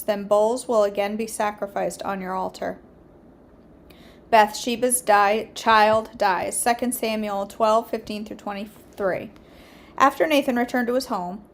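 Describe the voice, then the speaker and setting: A woman hosting a daily devotional, reading scripture aloud in a steady, earnest way with small slips and restarts. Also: mid-range voice. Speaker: devotional host.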